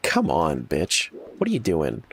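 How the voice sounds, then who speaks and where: A man's voice: very deep voice, unhurried, gravelly, a little hiss or hum. A man streaming a randomizer game, chatting casually and joking with his chat as he plays. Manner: joking, animated, talks back to chat.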